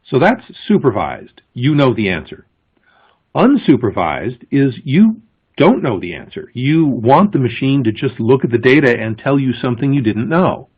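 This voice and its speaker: With a touch of huskiness and lively pitch movement, a male conference presenter walks through his explanation step by step, stressing points and pausing before key words. Audio quality is thin and lo-fi, similar to a phone line.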